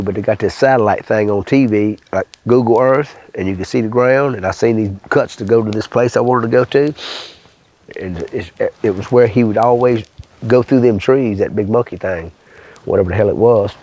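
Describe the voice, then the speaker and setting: A man's voice: on the low side, a little mellow, dull audio. An older man from Louisiana with a bayou accent, telling a rambling, folksy story full of swearing in an interview. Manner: rambling, folksy, swears often, acts out voices.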